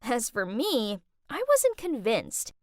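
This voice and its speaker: A woman narrating a scripted first-person animated story with a bratty, eye-rolling teen attitude. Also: a little high, slow pace, dry recording, clean studio sound.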